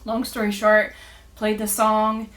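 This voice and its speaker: A woman's voice: medium pitch, completely flat delivery, takes it slowly, a bit bright, poor audio. A woman guest on a podcast, telling her story earnestly with many fillers and frequent laughter. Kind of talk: casual storytelling.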